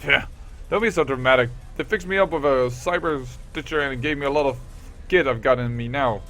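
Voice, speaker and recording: A man's voice: mid-range voice, a little fast, fairly bright tone, lightly acted. A man voicing a brash, defiant Irish ex-smuggler woman, putting on an Irish accent while reading game dialogue aloud. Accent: Irish, put on. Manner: slangy, blunt, swaggering.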